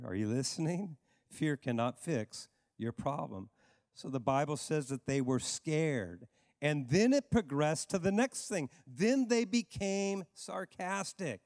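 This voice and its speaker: A male pastor preaching a sermon in an emphatic way, repeating phrases and dropping low for stress. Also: animated, takes it slowly, a little mellow, dry recording, studio quality, in a large hall.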